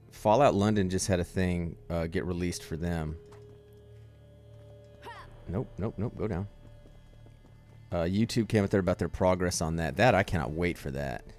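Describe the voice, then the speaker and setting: A man's voice: deep voice, darkish tone. A man casually joking and rambling as he plays through a game, swearing now and then. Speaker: streamer playing a game mod. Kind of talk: casual gaming commentary. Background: faint game music.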